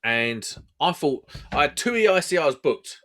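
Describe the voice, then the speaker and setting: A man's voice: a little high, very animated, unhurried, a bit bright. A man hosting a podcast, telling stories in casual, laddish banter. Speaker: podcast host. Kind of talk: casual storytelling chat.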